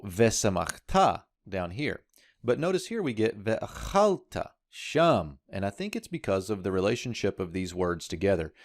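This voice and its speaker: A man's voice: fairly low pitch, darkish tone, no room sound, studio quality. A man teaching a short language lesson, explaining a verse step by step as he points out details on screen. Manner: explanatory, walking through text on screen. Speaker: Hebrew teacher.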